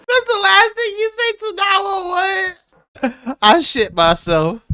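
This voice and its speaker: A man's voice: extremely high pitch, expressive, slow pace, bright, forceful tone, dry recording, clean studio sound, pitched above the performer's own voice, exaggerated voice. A man voicing a panicked, sobbing emergency caller who squeals his lines.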